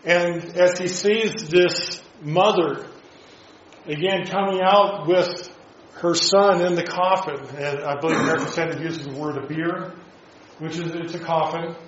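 Halting man preaching a sermon. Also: fairly high pitch, fairly even intonation, roomy sound, highs cut off, slight background noise. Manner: halting, with many restarts and rhetorical questions.

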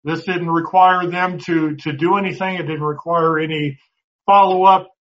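A man's voice: a little high, fairly even intonation, normal speed. A man teaching a Bible class in a conversational way, often restarting words and putting questions to the class. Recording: dull lo-fi recording.

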